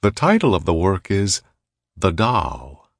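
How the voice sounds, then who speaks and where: A man's voice: sits low, wildly swooping pitch, slow pace, gravelly, dry recording, studio quality, pitched above the performer's own voice, exaggerated voice. A man voicing a theatrical male stage illusionist addressing an audience in an audiobook. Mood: showy. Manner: grand and theatrical.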